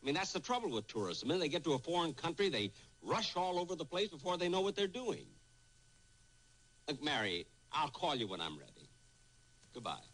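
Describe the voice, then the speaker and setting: A man's voice: fairly high pitch, very animated, brisk, a bit bright. An actor playing a vain, stingy male comedian star in an old radio comedy, sounding defensive and sheepish. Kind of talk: 1940s radio acting. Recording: noisy old radio broadcast.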